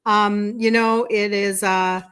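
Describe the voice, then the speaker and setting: A woman's voice: medium pitch, little pitch movement, slow, a bit bright, smooth. A woman in her fifties with a Minnesota accent, hosting a casual livestream as a health coach and greeting viewers by name. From Minnesota, USA. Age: 50s. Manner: chatty, repeats words, greets viewers by name. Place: indoor room with balloons behind her.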